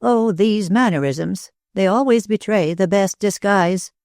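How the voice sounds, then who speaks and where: A cynical little old man with an elfish, mocking edge, delivered sly and clipped in an audiobook, as a woman narrator puts him on. His voice sits a touch higher and lighter than the narration around it. The recording is close and dry. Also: measured pace, darkish tone, no echo, lightly acted. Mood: jeering. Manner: sly, jeering, clipped and curt.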